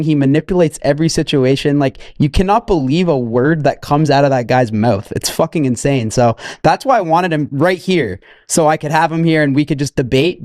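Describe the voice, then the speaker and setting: A young man talking casually on a podcast in a halting, repetitive way, restarting his sentences often. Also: on the high side, a little mellow, no echo, studio quality. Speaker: podcast guest.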